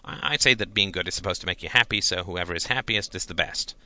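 A man's voice: deep voice, fast talker, pushed and bright, dry recording, exaggerated voice. A man reading a weary professor father. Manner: hesitant, musing, trails off.

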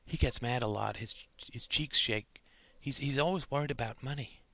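A man voicing a shy, anxious teenage schoolgirl in a storybook reading, soft and hesitant. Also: medium pitch, moderate pace, gravelly, no room sound, pitched above the performer's own voice.

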